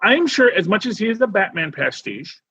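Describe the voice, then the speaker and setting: A man co-hosting a podcast in casual chat, rambling and animated with many restarts. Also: high-pitched, brisk, slightly rough. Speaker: podcast co-host.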